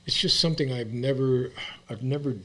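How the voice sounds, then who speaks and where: A man's voice: mid-range voice, fairly quick. A man, a guest actor, talking frankly and with animation in a casual interview. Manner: animated, frank, a bit salty.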